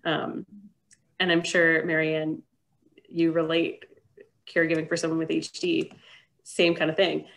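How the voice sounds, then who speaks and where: A woman host with a slightly low voice speaks in a measured, reflective counseling manner. She talks things through thoughtfully. The sound comes from a video call. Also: completely flat delivery, creaky, a bit bright. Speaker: host, clinical social worker. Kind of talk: reflective discussion.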